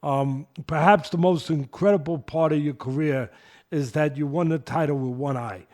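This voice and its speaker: An older man hosting an interview show, asking long, halting questions full of restarts. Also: a little high, darkish tone. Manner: halting, rambling setups with restarts. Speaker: host.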